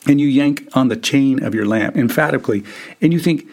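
A man's voice: medium pitch, fairly quick, darkish tone. A man hosting a podcast, telling a vivid second-person story with wry, dry humor. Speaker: podcast host.

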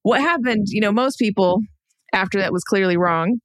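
A woman's voice: mid-range voice, normal speed, dry recording. Woman guest author on a podcast, thoughtful and reflective, dry close sound. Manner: thoughtful, reflective, laughs lightly. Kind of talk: casual conversational interview.

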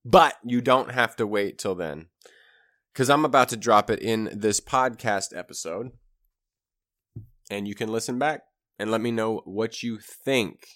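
A man hosting his own podcast, talking casually in a relaxed, rambling way with restarts and soft asides. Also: fairly low pitch. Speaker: podcast host and rapper.

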